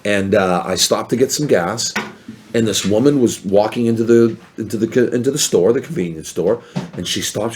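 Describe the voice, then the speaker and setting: A man chatting as a podcast guest, telling animated stories and acting out what other people said. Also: fairly low pitch, normal speed, slight background noise. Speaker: podcast guest, former reality show contestant. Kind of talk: casual storytelling chat.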